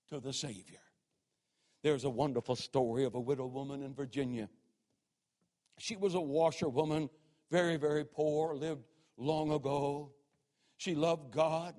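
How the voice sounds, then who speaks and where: A man, his voice sitting a little high for a man. He tells his stories with drama, sinking to a near hush and then rising to a shout. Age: 60s. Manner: dramatic, swings from hushed to shouting. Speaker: preacher. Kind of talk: sermon with storytelling.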